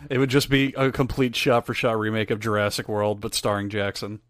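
A man's voice: on the low side, little pitch movement, fairly quick, dry recording. A man co-hosting a podcast, joking around and explaining things at length in casual chat. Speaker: podcast co-host. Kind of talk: casual chat, reading fan mail.

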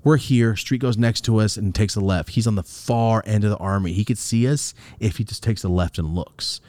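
A young male podcast host tells a story fairly quickly, casual and cursing, performing quoted voices with dramatic pitch jumps. There's no room sound on the recording.

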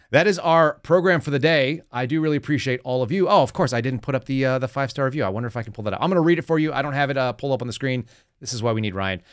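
A man's voice: medium pitch, no room sound. Male podcast host, mid-range voice, sarcastic running commentary, dry close recording. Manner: sarcastic, mocking asides. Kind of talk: casual political commentary. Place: home studio.

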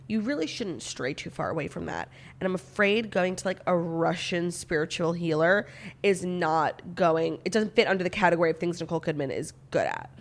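A young adult woman co-hosting a casual chat show. Her voice is somewhat low, and her remarks are wry and dry. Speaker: podcast co-host.

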